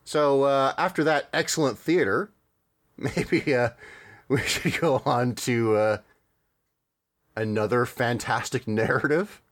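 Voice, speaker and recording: A man's voice: medium pitch, slow, pauses often, dry recording. Man, podcast co-host, casual chat, wry and chuckling, dry close sound. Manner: wry, chuckling, hesitant with fillers. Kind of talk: casual chat, describing a game trailer.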